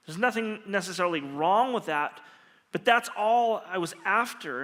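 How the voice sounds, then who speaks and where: A man preaching as a pastor, telling stories in an animated, humorous way. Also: sits high. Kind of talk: storytelling sermon. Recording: long reverb of a large hall.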